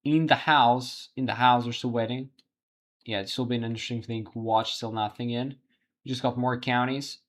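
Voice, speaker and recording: A man hosting a livestream, giving live election results commentary while thinking aloud, halting with frequent restarts. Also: mid-range voice, steady tone, a bit bright. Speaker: livestream host.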